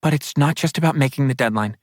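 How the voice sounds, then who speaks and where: A man voicing an earnest, practical young woman in an audiobook, explaining things briskly. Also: medium pitch, dry recording, studio quality, pitched above the performer's own voice, lightly acted. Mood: urgent. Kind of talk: audiobook character voice.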